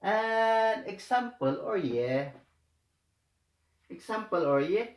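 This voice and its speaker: A man tutoring a language lesson, explaining slowly with many fillers and repeated phrases. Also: sits high, expressive. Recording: echoey room.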